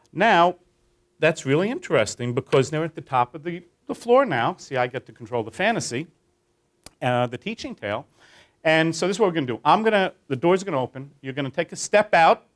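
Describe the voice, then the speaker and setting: A male trainer walks his class through an imagined scene in an animated, conversational way. His voice sits a little high and swoops up and down a lot, and he keeps turning questions back on the room. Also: brisk. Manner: animated, addresses listeners with questions. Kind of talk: guided teaching tale for a class.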